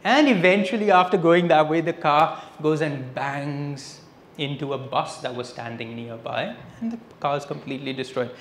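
A man giving a public spiritual lecture, telling stories with a lively delivery and dropping in Hindi phrases. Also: on the high side, normal speed. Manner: lively storyteller, switching between English and Hindi phrases. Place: lecture hall, indoors. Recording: echoey hall with faint noise.

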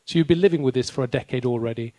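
A man's voice: medium pitch, rapid-fire, warm tone, no echo. A man moderating a panel discussion, speaking politely and hesitantly with fillers.

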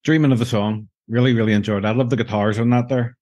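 A man's voice: mid-range voice, fairly even intonation, quick pace, a little mellow. A man hosting a podcast and asking interview questions, often stumbling and restarting his words. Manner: stammering restarts.

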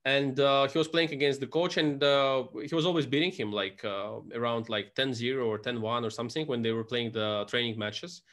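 A man hosting a relaxed chat, winding through anecdotes with plenty of pauses and fillers. His voice sits at an ordinary middle pitch. He talks casually and loosely. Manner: rambling storyteller, filler-heavy. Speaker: host. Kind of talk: casual video conversation.

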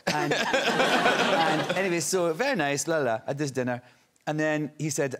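A man's voice: fairly high pitch, moderate pace. A man telling a comic anecdote as a talk show guest, laughing through it and doing voices. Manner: animated, laughs through his story, does voices. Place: TV studio with audience.

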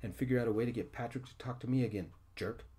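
A man's voice: mid-range voice, quick pace, warm tone, voice pushed up, natural voice. A man voicing a young man who is angry at his father, in a raised, indignant voice.

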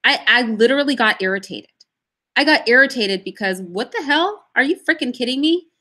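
Guest voice: a woman with a slightly high pitch who tells stories with animated emphasis. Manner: emphatic, animated storytelling with pauses. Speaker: interview guest. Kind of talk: livestream interview answers.

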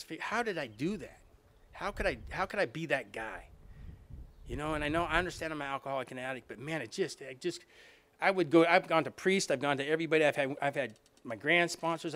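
A man's voice: mid-range voice, pushed and bright. A man in his forties telling a personal recovery story to an audience, candid and self-mocking, often asking "you know what I mean". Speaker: recovery speaker.

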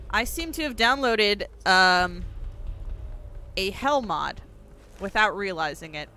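A young woman giving excitable let's play commentary, swearing often and yelping at the screen. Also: fairly high pitch, noisy background. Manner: excitable, swears a lot, yelps and shouts at the screen. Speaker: gaming streamer.

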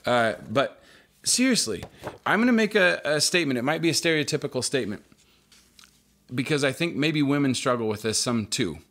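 A man's voice: mid-range voice, expressive, fairly quick, a bit bright. A man in his thirties preaching a sermon, earnest and conversational, with light humor and key phrases repeated for emphasis. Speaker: pastor.

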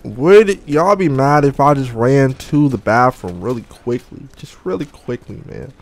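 Expressive and measured, this young man's mid-range voice carries his casual gaming chatter as a YouTuber. Hot wings have him out of breath and in pain, so he mixes groans and jokes with outbursts.

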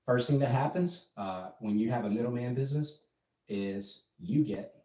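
A man's voice: mid-range voice, moderate pace, warm tone. A middle-aged man giving an emphatic, casual business lesson on a livestream, often checking in with "right?". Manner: emphatic, keeps asking "right?". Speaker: business coach. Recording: echoey room.

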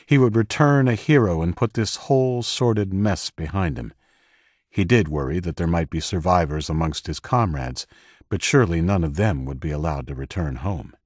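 A man narrating an audiobook in a steady, measured way on a close microphone. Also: deep voice, dry recording. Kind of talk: scripted narration.

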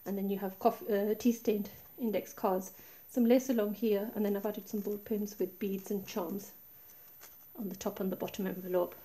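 Mellow woman showing her craft project. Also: medium pitch, moderate pace. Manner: chatty, relaxed, pointing things out step by step. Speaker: craft tutorial maker. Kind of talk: casual show-and-tell craft walkthrough. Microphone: tablet camera set high above the desk.

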